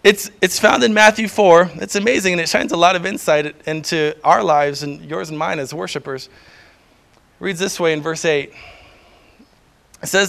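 A man's voice: on the high side, moderate pace, creaky, fairly bright tone. A middle-aged man preaching a sermon in a conversational way, often chuckling and acting out the voices he quotes.

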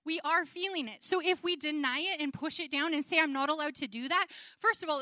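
A woman's voice: high voice, sharp tone, no echo, studio quality. A woman preaching a sermon in an earnest, conversational way, acting out quoted feelings.

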